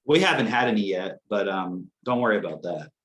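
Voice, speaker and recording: A young man on a casual podcast, telling animated stories, acting out quotes and swearing casually. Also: fairly low pitch, fairly quick. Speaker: podcast co-host.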